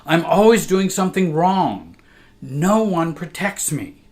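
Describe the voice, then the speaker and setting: A man's voice: high-pitched, very animated, slow, darkish tone, pitched above the performer's own voice, heavily acted. A man voicing a frightened, lonely six-year-old girl who pleads tearfully. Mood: desperate.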